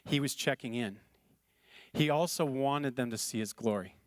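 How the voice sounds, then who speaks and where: A man's voice: mid-range voice, moderate pace, no echo, studio quality. A male pastor preaching a sermon in an earnest, conversational way, often repeating phrases for emphasis.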